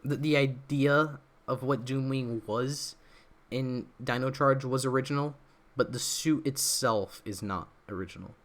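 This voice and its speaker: A man's voice: mid-range voice, unhurried. Rambling young man on a livestream. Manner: rambling, many fillers and restarts. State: throat feels off. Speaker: livestream host. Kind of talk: casual livestream commentary.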